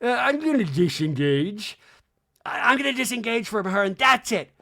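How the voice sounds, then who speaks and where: An indignant, fed-up woman reality star, voice pushed up in pitch and loud with exasperation , as a man puts her on. She sounds lively and wound up. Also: moderate pace, heavily acted.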